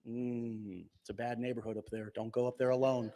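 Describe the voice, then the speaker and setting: A man giving an energetic, joking motivational talk to a live audience at an event, jumping between loud bursts and hushed asides. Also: mid-range voice, moderate pace, hardly any pauses. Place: event venue.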